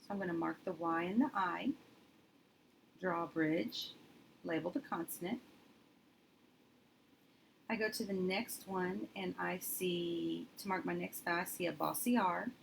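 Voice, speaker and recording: A woman teacher talks through each step in a steady, methodical way, thinking aloud as she goes. Her voice sits low with a gravelly edge. A faint hiss of noise runs under the recording. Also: measured pace, long pauses, poor audio. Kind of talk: instructional demonstration.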